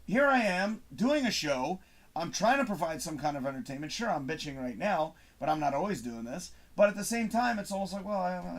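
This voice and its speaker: A man hosting his own show, ranting to camera in a frustrated, swearing monologue with emphatic bursts. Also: on the high side. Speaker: host. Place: home studio.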